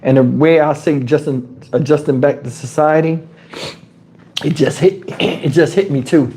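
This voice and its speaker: A man from New Jersey telling casual stories on his livestream in crude street slang, animated and jumping into high, shouted tones as he retells them. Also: moderate pace. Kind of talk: casual storytelling. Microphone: wireless lapel mic.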